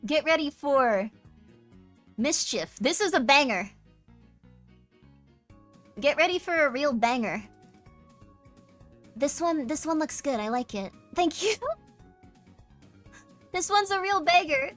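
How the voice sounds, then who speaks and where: A young woman with a high voice chats casually to her live-stream viewers, bubbly and a little tired. Her pitch jumps to squeaky highs when she gets excited. Faint music plays softly behind her. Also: slow pace, pauses often.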